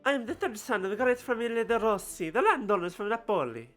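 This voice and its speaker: A woman's voice: fairly high pitch, sing-song, fast, soft background music, voice pushed up. A woman voicing a flamboyant young Italian nobleman with a put-on Italian accent, theatrical and exuberant. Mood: boastful.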